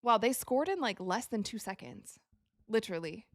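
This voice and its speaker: A young woman hosting a live basketball watch party, calling plays excitedly and talking to her viewers. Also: a little high, normal speed, dry recording, clean studio sound. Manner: excitable, reacts loudly to plays, talks to viewers as you guys. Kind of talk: live game commentary to chat.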